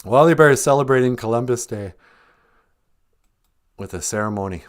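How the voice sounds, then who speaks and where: A man's voice: medium pitch, normal speed. An older man hosting a podcast, joking sarcastically and laughing often as he talks. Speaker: podcast host. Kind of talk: comedic casual chat.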